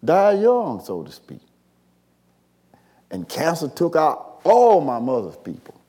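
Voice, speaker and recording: Impassioned older preacher. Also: male voice, on the high side, huge pitch swings, slow pace, breathy edge. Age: 60s. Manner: call-and-response preaching, swinging from quiet to shouting. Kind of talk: sermon.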